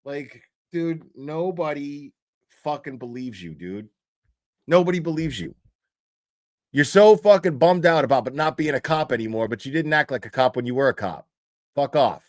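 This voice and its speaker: A man's voice: on the high side, fairly quick, no room sound, clean studio sound. A man hosting a livestream, talking casually in a profane, mocking rant. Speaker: streamer host.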